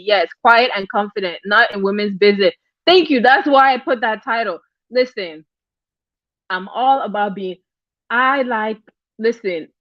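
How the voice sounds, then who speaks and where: A woman's voice: on the high side, dry recording, muffled recording. A woman hosting a casual livestream, chatting with viewers, greeting them by name and often repeating her phrases. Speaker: livestream host.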